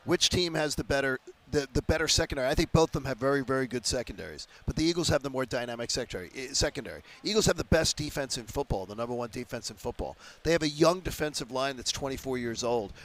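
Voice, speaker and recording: A man in his fifties from the Philadelphia area, a sports radio guest telling stories with animated emphasis in a casual interview. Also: medium pitch. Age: 50s.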